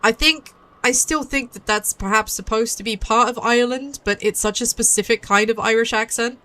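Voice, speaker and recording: A woman's voice: a little high, normal speed, bright, forceful tone. A woman giving playful, chatty commentary as a VTuber playing a mystery game. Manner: chatty, playful, giggly asides. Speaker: VTuber streamer. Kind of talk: casual gameplay commentary.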